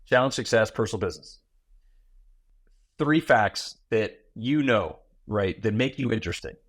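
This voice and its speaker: A man in his forties, a podcast guest who tells stories in a lively way and acts out small talk in quick asides. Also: lowish voice, dry recording. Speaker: guest, founder and keynote speaker. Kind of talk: conversational podcast interview.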